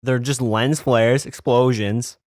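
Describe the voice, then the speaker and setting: Podcast cohost dude, slow, smooth voice, dry close sound, rambles. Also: male voice, medium pitch, fairly even intonation, a little mellow, no echo. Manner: rambling, many fillers. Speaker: podcast co-host. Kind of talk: casual chat.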